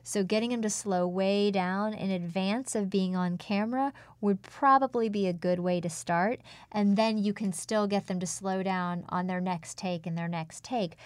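Woman speaking coach, measured and emphatic, dry close sound, mid-pitched voice. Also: fairly even intonation, no room sound. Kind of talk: conversational podcast advice.

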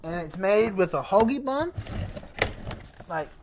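A woman talks casually to her vlog audience, rambling along and often restarting her sentences mid-thought. Her voice sits at an ordinary middle pitch. Heavy wind noise roars across the microphone the whole time. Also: animated, a little slow. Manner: rambling, with many restarts and repeated words. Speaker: vlogger. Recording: loud wind noise on the mic.

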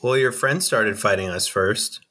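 A man's voice: on the low side, measured pace, sharp tone. A man playing a tabletop role-play game in character, talking in a diplomatic, hesitant way full of ums. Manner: diplomatic, hesitant, filler-heavy. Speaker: player.

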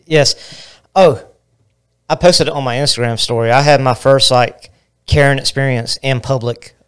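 A man's voice: medium pitch, steady tone, clear, resonant tone. A man joking and laughing as co-host in a casual chat. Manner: joking, laughing, quick banter. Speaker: podcast co-host.

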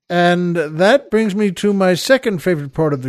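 A man's voice: high-pitched, lively intonation, unhurried, pauses often, no room sound, faint music behind. Chuckling older man hosting a podcast. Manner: rambling, chuckling storyteller who tells jokes with little voices. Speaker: podcast host. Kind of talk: casual comedic monologue.

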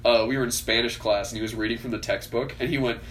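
A man's voice: medium pitch, fairly even intonation, fast, fairly bright tone, a little hiss or hum, rough recording. A young man co-hosting a podcast, telling school stories in a casual, profane, laughing way. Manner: swearing, laughing storyteller. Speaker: podcast co-host. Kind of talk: casual storytelling chat.

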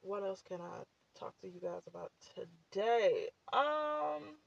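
A woman's voice: mid-range voice, animated, slow pace, gravelly, no room sound, lo-fi sound. A woman hosting a casual talk show. Her voice is scratchy, she sounds slightly out of breath, and she talks to listeners in a loose, chatty way full of fillers. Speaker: podcast host and author. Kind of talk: casual chat.

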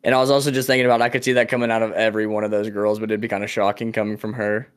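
A man's voice: lowish voice, little pitch movement, racing, clear, resonant tone. A young man co-hosting a casual podcast, telling a story in a laid-back way with lots of fillers and laughs. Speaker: podcast co-host. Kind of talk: casual chat.

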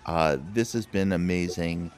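A man hosting a podcast in relaxed, rambling casual chat with many fillers. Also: low-pitched, a little slow, smooth, soft background music. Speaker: podcast host.

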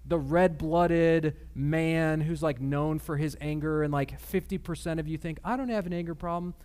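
A pastor in his thirties preaches with a voice pitched a little above most men. He talks casually and personally, then leans hard into his points with emphasis. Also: darkish tone. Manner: conversational, emphatic, personal storytelling. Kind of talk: sermon.

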